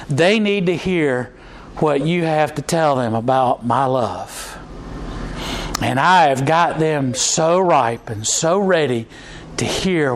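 A man preaches a sermon. He talks to the congregation like he is chatting, restarting his sentences often and filling pauses with "uh.". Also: high-pitched, fairly bright tone, poor audio. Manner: conversational preaching with frequent restarts and fillers. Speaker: pastor.

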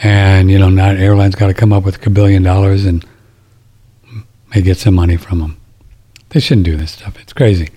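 A man's voice: low voice, little pitch movement, moderate pace, long pauses, warm tone. A middle-aged man hosting a talk radio show, rambling and indignant, often restarting his sentences. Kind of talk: casual talk radio monologue.

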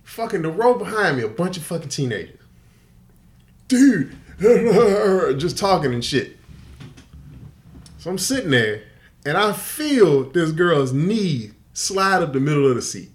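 Older man, podcast co-host, casual profane storytelling, wildly swinging pitch, frequent laughter. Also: measured pace, pauses often. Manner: profane, animated, laughs often.

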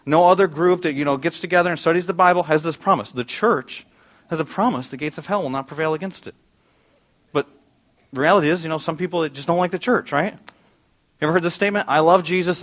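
A middle-aged pastor preaching a conversational sermon in a church auditorium, asking the congregation questions. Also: male voice, on the high side, a bit bright.

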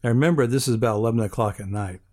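A man's voice: mid-range voice, very fast, darkish tone. An older man from Hawaii, an interview guest telling a rambling anecdote with many restarts and fillers, acting out the other people's lines as he goes.

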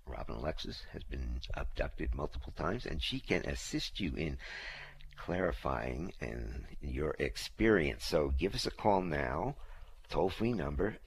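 A man's voice: extremely low pitch, a little hiss or hum. A man co-hosting a call-in radio show, announcing in an upbeat promotional way and repeating phone numbers. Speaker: radio co-host.

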